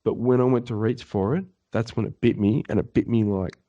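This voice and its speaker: A man's voice: fairly low pitch, fairly quick, muffled recording. A man, co-hosting a podcast, telling a story in casual chat and swearing a lot as he acts out the voices of the people in it. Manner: animated, swearing often, acts out voices in his stories. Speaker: podcast co-host.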